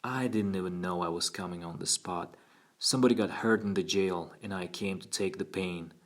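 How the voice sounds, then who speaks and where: A man voicing a frightened eight-year-old boy who speaks timidly and haltingly. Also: low voice, natural voice. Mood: scared.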